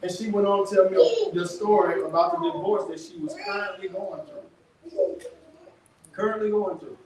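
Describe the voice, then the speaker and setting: A man giving an animated testimony talk to a workshop audience, telling stories in casual vernacular. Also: sits high, moderate pace, a crowd in the background. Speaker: workshop speaker. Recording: echoey room, distant mic, background noise.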